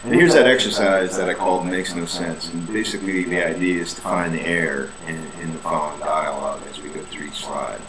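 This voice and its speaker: A man's voice: sits low, fairly even intonation, brisk, hardly any pauses, reverberant, crowd noise, low-quality recording. A man, an English teacher, casually walking through a lesson plan and repeating vowel sounds as a drill.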